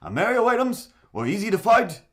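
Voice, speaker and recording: A man's voice: high-pitched, big pitch swings, fairly quick, a bit bright, pitched above the performer's own voice. A man putting on a voice of an old man grumbling about the past, in an exaggerated way.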